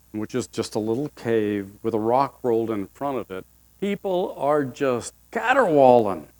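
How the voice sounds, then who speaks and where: A man's voice: medium pitch, a little mellow. A male pastor giving a sermon with folksy, humorous storytelling.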